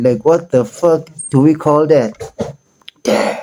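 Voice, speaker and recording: A woman's voice: low-pitched, big pitch swings, very slow, pauses often, a little mellow, slight background noise. A woman giving exasperated, profane reaction commentary, repeating herself as she rants. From South Africa. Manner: exasperated, repetitive, swearing.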